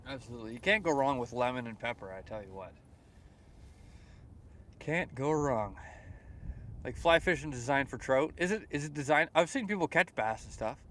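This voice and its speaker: A young Canadian man with a Canadian accent livestreams a fishing trip by the water at sunrise, speaking in a mid-range voice at a normal speed with long pauses. He reads viewers' chat messages aloud and answers them in a relaxed, chatty way, full of fillers. A faint hiss or hum sits under the audio.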